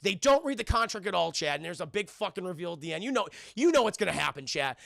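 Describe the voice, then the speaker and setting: Brief: high, gravelly man riffing to his stream chat, cussing freely, dry close mic. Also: sing-song, fast, bright, forceful tone, no room sound. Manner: profane, rambling, keeps addressing the chat. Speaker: streamer reviewing a film. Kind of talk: casual chat with a live chat.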